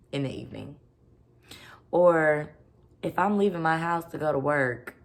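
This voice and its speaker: With a low voice and noticeable vocal fry, a woman vlogger tells a personal story as a blunt, casual rant. She swears freely and fills her speech with "like."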